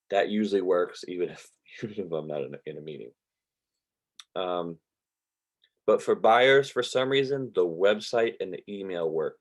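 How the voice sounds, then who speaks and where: A man, teaching an online real estate class in a relaxed, rambling way over a video call. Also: low-pitched, moderate pace. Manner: relaxed, rambling, drawls with y'all. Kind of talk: casual online class lecture. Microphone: computer mic on a video call.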